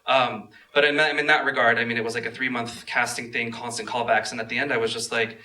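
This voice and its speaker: A man on a film panel, telling a story about his own work in a candid, animated way. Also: medium pitch, fast talker, few pauses. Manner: candid, animated, recounts with emphasis. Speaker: actor, panelist.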